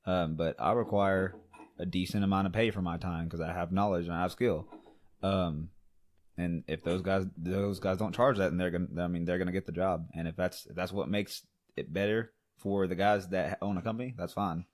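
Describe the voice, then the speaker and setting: A man's voice: deep voice, fairly even intonation, moderate pace. A man co-hosting a podcast in casual chat, blunt, profane and rambling. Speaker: podcast co-host.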